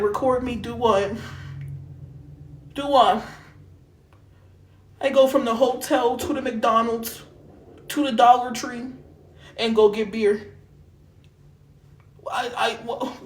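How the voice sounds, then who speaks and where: A man from Harrisburg, Pennsylvania, ranting into his phone on a live stream, heated and profane. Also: very high voice. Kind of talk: angry live-stream rant.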